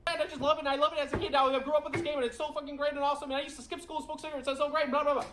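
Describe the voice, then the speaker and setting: A man voicing a mocking parody of a gushing, hyperactive middle-aged male gamer, high and breathless. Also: little pitch movement, racing, fairly bright tone, reverberant, a little hiss or hum.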